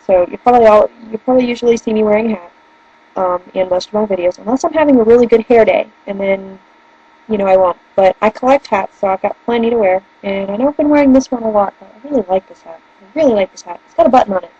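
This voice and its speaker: Sitting by a bookshelf in her home, a young woman vlogger talks in a loose, giggly, rambling way with a northern US accent. She speaks quickly in a warm, husky mid-range voice, captured with lo-fi sound.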